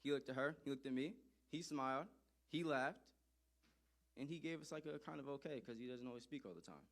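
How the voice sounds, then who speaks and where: A man telling a personal story to an audience in an animated, emphatic way, often repeating phrases for effect. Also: mid-range voice, brisk.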